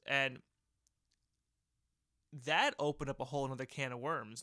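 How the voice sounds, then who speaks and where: A man's voice: mid-range voice, pushed and bright, clean tone. A young man talks through a casual solo podcast from his bedroom, rambling and crude, and he keeps cracking himself up. His voice sits in a middle register. The sound is dry and close, with no room echo. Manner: rambling, crude and jokey, with bursts of laughter. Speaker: podcast host.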